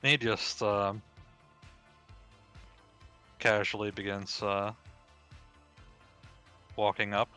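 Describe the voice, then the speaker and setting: A man with a low but sharp, bright-toned voice plays his turn in a tabletop game. He is laid-back and terse, with faint music behind him. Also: little pitch movement, very slow, long pauses, clean tone. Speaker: player.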